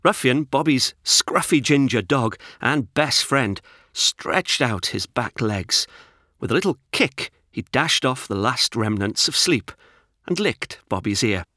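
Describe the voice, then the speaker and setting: A man reading a children's storybook aloud in an expressive, lively narration. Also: mid-range voice, measured pace, dry recording, clean studio sound.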